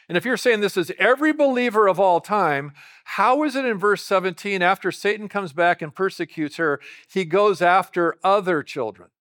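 A male pastor delivers a teaching sermon in a voice pitched a little above the usual. He works through the passage conversationally and keeps putting rhetorical questions to the congregation. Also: a bit bright.

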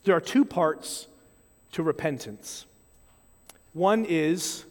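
A male pastor with a high-pitched voice preaches an earnest, measured sermon, slipping into sample apologies and prayers to illustrate his point. A long hall reverb trails his voice.

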